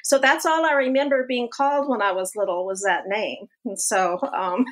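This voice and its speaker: A woman in her sixties, a guest on an interview show, telling stories in an animated way and laughing often. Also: a little high, moderate pace. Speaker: guest, college activity instructor. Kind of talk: casual interview talk.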